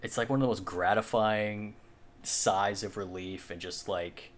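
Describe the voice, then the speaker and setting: A man with a somewhat low voice talks loosely on a podcast. He rambles and circles back, leaning on fillers and the occasional swear. A faint hiss sits under his voice. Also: steady tone, unhurried. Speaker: podcast co-host. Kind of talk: casual chat.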